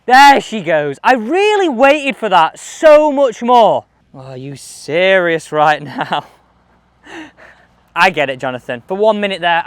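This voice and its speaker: A middle-aged man with a fairly high voice, giving casual golf-coach commentary on a range. He is animated and chats to himself between shots, and the sound is close and dry. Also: no room sound.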